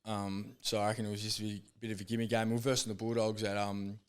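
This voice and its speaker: A man's voice: lowish voice, level tone, fast, smooth. A young Australian man, a former footballer, telling stories in casual chat, laid-back, swearing freely and laughing through his anecdotes. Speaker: podcast guest, former footballer.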